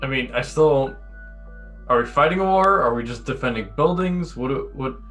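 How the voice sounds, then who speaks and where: A man playing in a tabletop game, speaking tentatively and often restarting his sentences. His voice sits at a mid pitch, with faint music running in the background. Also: normal speed, fairly bright tone. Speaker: player.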